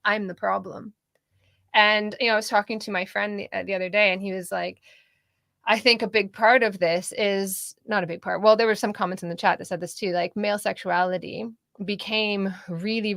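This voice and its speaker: A woman co-hosting a political discussion show, talking in an animated way and laughing often. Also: medium pitch, gravelly, no room sound, studio quality. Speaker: podcast co-host.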